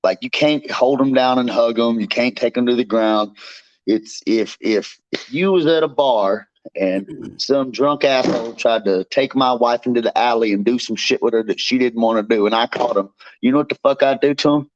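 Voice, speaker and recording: A man's voice: mid-range voice, moderate pace, no room sound. Swearing, fired-up fighter man. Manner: boastful, fired up, swears constantly. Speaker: bare knuckle fighter guest. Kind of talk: brash profane trash talk. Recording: slightly dull dry recording.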